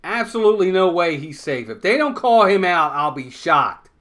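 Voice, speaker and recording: A man calling baseball play-by-play for a fan stream, his voice pitched high and swinging widely. The tone is bright and forceful, and he presses every point with emphatic repetition. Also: very animated, moderate pace. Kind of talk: fan play-by-play watch-along commentary.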